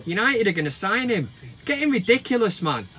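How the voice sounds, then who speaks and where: Sweary, high-voiced male football vlogger. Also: sing-song, fairly quick, bright, forceful tone, faint music behind. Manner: sweary, blunt and sarcastic. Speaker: football vlog host. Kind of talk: casual football rant to camera.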